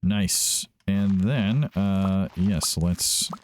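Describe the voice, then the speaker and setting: A man's voice: deep voice, extremely slow, darkish tone, a little hiss or hum. A man hosting a let's play, giving casual gameplay commentary, chatty and thinking aloud as he often corrects himself.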